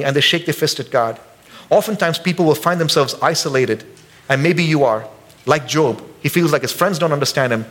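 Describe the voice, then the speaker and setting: A male pastor delivers a sermon at a church service. His voice sits fairly high for a man, and he talks in a casual, joking way with the congregation. When he acts out quotes, his voice leaps up. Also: fairly quick. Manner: animated storytelling, jumps high when acting out quotes.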